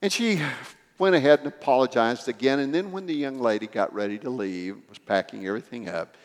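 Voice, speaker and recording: A man's voice: medium pitch, fairly quick, big-room sound. A man preaching a sermon, telling a story with acted dialogue and building to emphatic swells.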